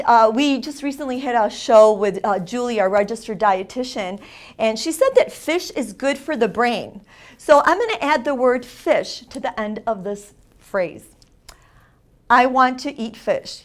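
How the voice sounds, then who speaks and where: A woman hosting a community TV show, giving an upbeat Spanish lesson and drilling phrases with emphatic repetition. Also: a little high. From Italian heritage. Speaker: show host and Spanish teacher.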